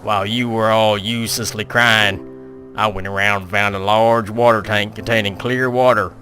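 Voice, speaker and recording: A man voicing a gruff, impatient survivalist who talks loudly and bossily. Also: on the low side, steady tone, normal speed, faint music behind. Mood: bossy. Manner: loud, bossy and urgent.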